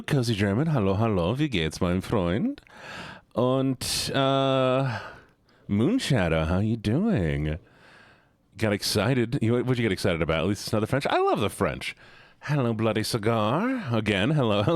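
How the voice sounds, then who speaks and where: A man's voice: mid-range voice, no room sound, studio quality. A male streamer in casual livestream chat, playfully greeting viewers one by one and teasing them.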